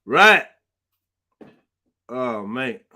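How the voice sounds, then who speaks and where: A man's voice: mid-range voice, big pitch swings, very slow, bright, forceful tone. A man hosting a casual livestream chat. He talks in loose, teasing street slang. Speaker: livestream host.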